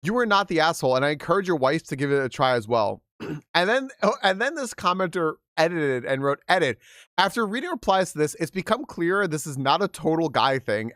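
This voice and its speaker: A man's voice: fairly high pitch, animated, brisk, fairly bright tone, no echo, clean studio sound. A man streaming casually, reading comments aloud with frequent laughs, swearing and rambling restarts.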